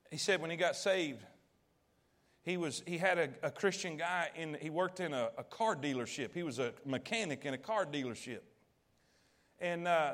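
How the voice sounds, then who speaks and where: A man preaching a sermon, telling a story in a folksy, colloquial way, swinging from loud to hushed and asking the audience questions. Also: on the high side. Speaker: pastor.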